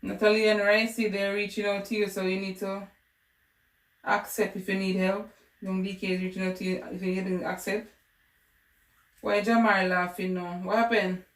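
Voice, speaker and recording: A woman's voice: medium pitch, flat delivery, normal speed, roomy sound. Chatty Caribbean woman tutoring on a stream. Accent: Caribbean English. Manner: chatty, talks to viewers and answers chat. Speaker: math tutor. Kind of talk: casual livestream lesson.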